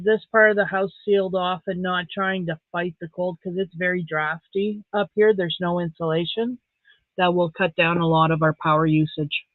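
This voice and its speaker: A middle-aged woman hosting a casual live stream, chatting warmly with her viewers and reading out their comments. She sounds soft-hearted and easily moved. The audio is thin and phone-like, and the room is dry and close. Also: fairly low pitch, no echo. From Saskatchewan, Canada.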